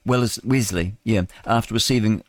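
A man's voice: fairly low pitch, moderate pace, no echo. A male radio host with a New Zealand accent, reading the news casually with stumbles and chatty asides.

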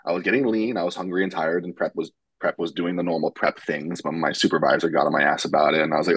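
A young man from New York with a low, husky voice talks candidly as a podcast guest. He swears freely and fills his pauses with ums. The sound is dry and close. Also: steady tone, fairly bright tone, dry recording, poor audio. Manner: frank and swears casually, with frequent um fillers. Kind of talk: casual candid chat.

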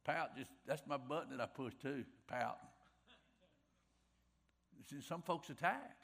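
A man's voice: on the high side, a little slow, a bit bright. A middle-aged man preaching a sermon in a folksy, conversational way, repeating his key phrases. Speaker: pastor.

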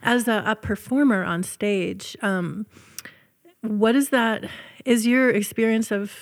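A woman's voice: medium pitch, takes it slowly. A woman co-hosting a casual interview, enthusiastic and rambling, full of fillers. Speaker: co-host.

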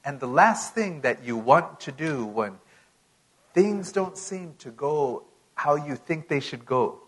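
A male preacher delivers a sermon in an unhurried, measured way. His voice sits somewhat high for a man. He leans hard on key phrases, then drops to a near hush. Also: lively intonation, slightly rough, rough recording. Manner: unhurried, emphatic preaching with sudden loud and soft swings.

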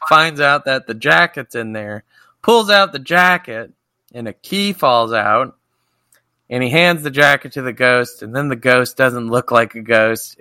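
A man co-hosting a podcast, recapping a TV episode in casual, profane chat and mimicking characters in squeaky voices. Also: sharp tone, no echo. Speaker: podcast co-host.

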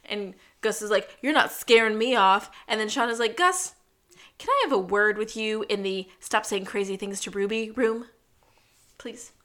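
A woman co-hosting a casual podcast recap of a TV episode, acting out the characters' lines in quick animated bursts. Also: medium pitch. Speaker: podcast co-host.

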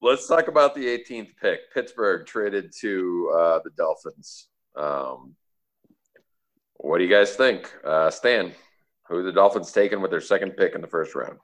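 A man hosts a casual podcast and keeps putting questions to his co-hosts. His voice is on the low side. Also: a little slow. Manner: steering questions, lively. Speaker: podcast host. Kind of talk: casual chat.

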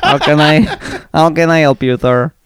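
A man's voice: fairly high pitch, fairly even intonation, moderate pace, pitched above the performer's own voice, natural voice. A man putting on a Filipino-accented voice for an overly polite male call-center agent who keeps saying "sir". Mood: mock-polite. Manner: formal and eager, stacks "sir" and "hello".

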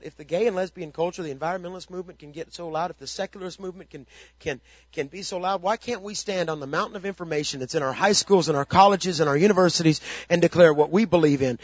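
A man's voice: high-pitched, dry recording, highs cut off. A man pastor giving a motivational ministry talk, emphatic and fond of repeated rhetorical questions.

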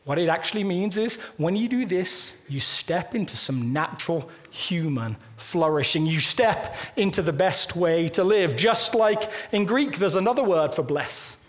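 A man preaching a sermon in a church, talking in a conversational, animated way and acting out little quoted lines. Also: high voice, unhurried, few pauses. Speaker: pastor. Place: church auditorium.

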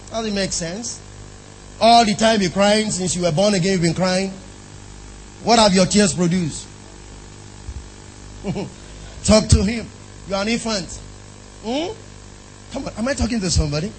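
A man's voice: high voice, a little slow, long pauses, slight background noise, poor audio. A man preaching a sermon in an emphatic style, often asking the congregation questions.

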